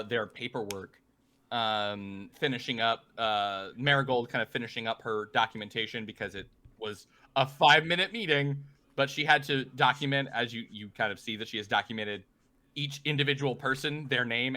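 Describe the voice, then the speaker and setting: A man's voice: mid-range voice, bright, forceful tone. A man narrating as game master in a tabletop game, rambling with frequent fillers.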